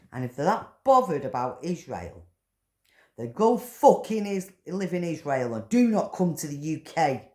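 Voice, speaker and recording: A woman delivering an angry, profane rant, swearing and shouting in bursts. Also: very deep voice. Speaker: political commentator. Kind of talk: angry ranting monologue.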